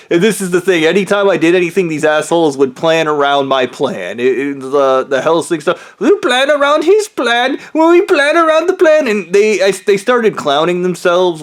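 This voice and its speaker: A man vlogging a profane, rambling monologue in a bitter, aggrieved tone. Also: medium pitch. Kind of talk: ranting monologue.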